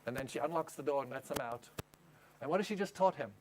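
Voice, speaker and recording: High-voiced preacher telling a story. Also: male voice, lively intonation, fast talker, background noise. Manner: storytelling, asks the audience questions. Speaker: pastor. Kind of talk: sermon. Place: camp meeting.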